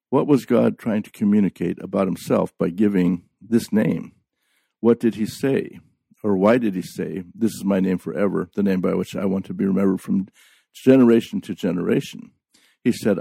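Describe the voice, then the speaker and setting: Gravelly deep-voiced man preaching slowly. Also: mellow, no echo. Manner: slow, deliberate, emphatic on key words. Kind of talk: sermon.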